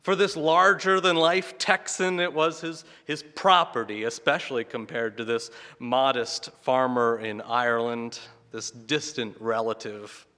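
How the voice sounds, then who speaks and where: A man's voice: medium pitch, fairly even intonation, unhurried, sharp tone. A man preaching a sermon, telling a story and asking rhetorical questions with light chuckles. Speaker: pastor. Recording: long hall reverb.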